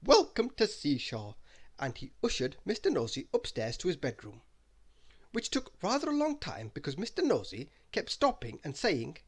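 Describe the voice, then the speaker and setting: A man reading a children's bedtime story aloud in an animated, expressive way. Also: a little high, normal speed, husky.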